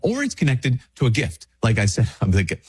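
A man's voice: medium pitch, wildly swooping pitch, moderate pace, a little mellow, husky. A male Catholic priest, a bit sick with a stuffy nose, giving a casual spiritual talk in a conversational way, often restarting his sentences. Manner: conversational, with frequent restarts and fillers.

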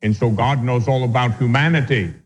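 A male Catholic priest teaches a catechism class, reading definitions aloud and then explaining them with homely examples. His mid-range voice is husky and brisk, with a long hall reverb.

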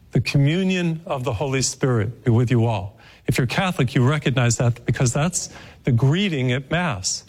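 A man giving a sermon, earnest and storytelling, slowing down to stress scripture verses. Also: mid-range voice, a little mellow. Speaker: preacher.

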